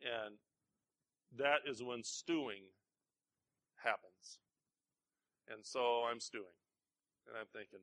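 Man, pastor, bright tone, story sermon, self-deprecating, conversational. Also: mid-range voice, steady tone, moderate pace, pauses often.

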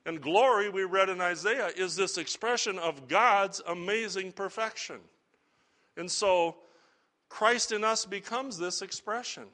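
Bright-voiced man preaching slowly. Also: sits high. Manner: earnest, conversational preaching with rhetorical questions. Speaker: pastor. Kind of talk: sermon.

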